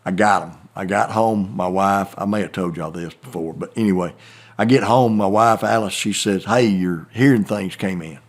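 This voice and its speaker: A middle-aged man with a Southern American accent spins a rambling, folksy yarn in easy conversation. His voice sits fairly low, and the talk feels loose and unhurried. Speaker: turkey hunting guide. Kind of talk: casual storytelling chat.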